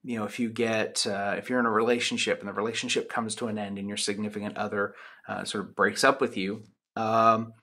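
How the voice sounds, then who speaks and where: A man's voice: on the low side, level tone, brisk, pushed and bright. A man lecturing on sociology in a loose, chatty way, with many ums and restarts. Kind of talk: recorded lecture with personal anecdote.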